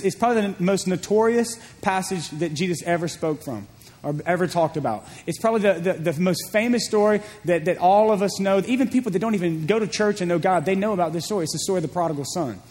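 High-voiced preacher in a reverberant hall. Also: male voice, fast. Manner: animated storytelling preacher, repeats words. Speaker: pastor. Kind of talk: sermon.

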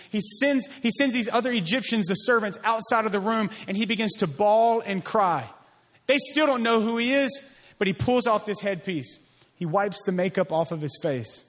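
A man, a pastor, preaching a sermon in an emphatic, repetitive cadence, dropping to a soft, slow voice on key lines. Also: high-pitched.

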